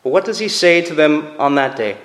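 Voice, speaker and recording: A man with a slightly high voice preaches to his congregation, earnest and emphatic, doubling words as he presses each point. His voice rings through a roomy church with a long, lingering reverb. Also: a little fast, fairly bright tone. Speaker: pastor. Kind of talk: sermon. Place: church sanctuary. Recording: echoey hall with long reverb.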